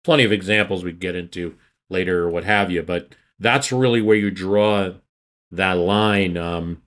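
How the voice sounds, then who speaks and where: Man, low pitch, enthusiastic, rambling, podcast guest. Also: moderate pace, fairly bright tone. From United States. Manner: enthusiastic, rambling with repeated restarts. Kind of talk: casual history discussion.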